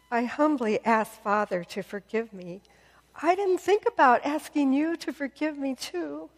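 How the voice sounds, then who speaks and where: A woman voicing a remorseful young man who slowly and softly pleads to be forgiven. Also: a little high, in a large hall. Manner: slow, soft, apologetic pleading. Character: remorseful young adult man, humble prodigal son.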